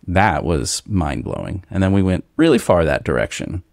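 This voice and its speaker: A man's voice: low voice, lively intonation, gravelly, a little mellow, no room sound, clean studio sound. A man co-hosting a podcast, joking around and drawing out his words in casual tech chat. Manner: jokey, drawn-out slow phrases. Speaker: podcast co-host.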